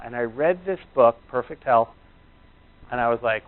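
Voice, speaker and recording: A man's voice: on the high side, sing-song, normal speed. A man, a chiropractor, giving a rambling anecdotal talk to a live audience. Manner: rambling, conversational storytelling. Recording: tinny, phone-like narrow sound.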